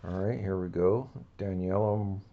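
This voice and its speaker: Low gravelly man rambling over cards. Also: steady tone, unhurried, phone-quality sound. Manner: rambling, laid-back, with many fillers. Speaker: card-collecting channel host. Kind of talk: casual card-opening commentary.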